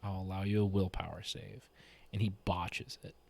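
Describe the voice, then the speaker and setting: A man's voice: deep voice, flat delivery, normal speed, gravelly, a little mellow, a little hiss or hum. A man casually telling a funny story about a tabletop game he ran, quoting his players with lots of energy. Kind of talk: casual anecdote retelling a tabletop game session.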